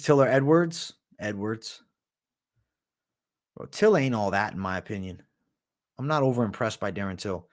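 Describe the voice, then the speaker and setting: A man's voice: mid-range voice, moderate pace, pauses often. Laid-back, swearing man. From United States. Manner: laid-back, profane, says "bro" a lot. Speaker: livestream host. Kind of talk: casual chat answering viewer questions.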